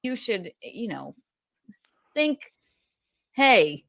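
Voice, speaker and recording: A woman's voice: a little high, lively intonation, unhurried, fairly bright tone, no room sound. A woman streamer who swears a lot, defending herself in an exasperated, casual monologue.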